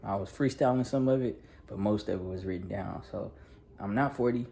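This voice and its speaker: A man's voice: fairly low pitch, a little fast, gravelly, a little hiss or hum. Man in his thirties preaching from afar. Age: 30s. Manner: casual, animated storytelling with frequent laughs. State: nervous. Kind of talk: storytelling sermon. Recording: echoey room from a distance.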